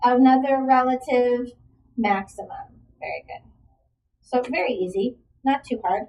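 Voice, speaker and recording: A woman's voice: high voice, a little slow, darkish tone, far from the mic, slight background noise, rough recording. A woman teaching a math lesson, asking the class questions and encouraging the students' answers. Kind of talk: classroom lecture.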